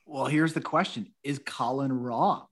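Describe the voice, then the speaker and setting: A man hosting a podcast in casual chat, upbeat and prompting his guests with quick questions. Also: mid-range voice. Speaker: podcast host.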